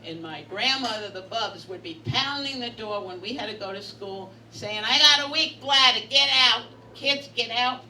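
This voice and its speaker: A woman's voice: mid-range voice, sharp tone. A woman, doing a brash, bawdy stand-up comedy set in a bar. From Brooklyn, New York. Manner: brash, bawdy storytelling with punchlines. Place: bistro bar comedy night. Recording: echoey, distant, noisy bar room.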